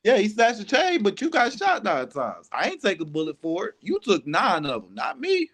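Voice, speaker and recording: A man's voice: high voice, huge pitch swings, moderate pace, a bit bright. A man in a casual group chat, blunt and profane, pushing his point hard.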